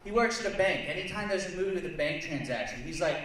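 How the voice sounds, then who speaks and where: This stand-up comic and co-host has a high-pitched, fairly bright voice with lively intonation, and he talks fast. On a bar lounge stage he runs through a crude, rambling, self-mocking set. The recording comes from a distant mic in an echoey room with faint noise.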